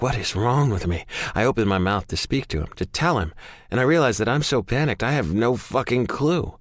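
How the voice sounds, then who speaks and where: A man's voice: lowish voice, dry recording, clean studio sound. A man narrating a first-person audiobook in an intense, emotional way. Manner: intense, emotional, frequent swearing.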